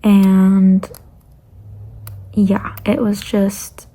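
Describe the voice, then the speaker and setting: A young woman vlogger telling a casual travel story, rambling along and often dropping to a breathy near-whisper. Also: mid-range voice, monotone, drawn-out words, mellow.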